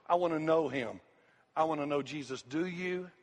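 A man's voice: a little high, a little fast. A middle-aged man, preaching a sermon with an impassioned, repetitive cadence as a pastor. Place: church sanctuary. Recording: long hall reverb, faint music.

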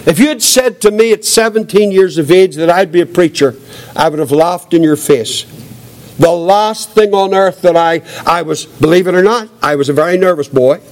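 An older man giving his testimony as a preacher, earnest and reflective, with a quiet voice. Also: sits high, normal speed. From Northern Ireland. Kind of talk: testimony sermon.

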